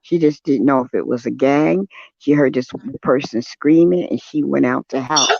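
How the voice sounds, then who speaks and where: An older man, a guest on a live stream, telling a personal account in casual chat, earnest and shaken, with soft affirming hums between thoughts. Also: mid-range voice, normal speed, creaky, no echo. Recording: dull, lo-fi, dry sound.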